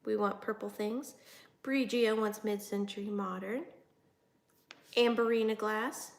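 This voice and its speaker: A woman, hosting a casual livestream and chatting excitedly with viewers, often jumping between topics. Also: mid-range voice, a little slow, vocal fry, roomy sound. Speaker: antique reseller hosting a livestream. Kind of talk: casual live chat with viewers.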